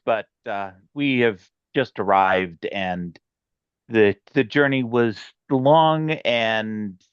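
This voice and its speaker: Guy player talking all formal and polite, lowish voice, dry dull mic. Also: clear, resonant tone, dry recording. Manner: formal, measured, courteous. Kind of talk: in-character speech in a tabletop game.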